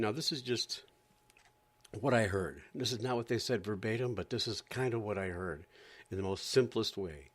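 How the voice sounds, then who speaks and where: A man's voice: on the low side, moderate pace, slightly rough. A man hosting a podcast, ranting in an exasperated, sarcastic way and often repeating himself. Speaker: podcast host. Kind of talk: ranting commentary.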